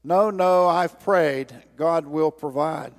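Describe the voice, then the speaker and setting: Guy doing a stubborn old-timer, voice pushed up high, insistent, hall echo. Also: takes it slowly, creaky. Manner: insistent, repetitive. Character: stubborn old man, sure God will save him. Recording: reverberant church hall.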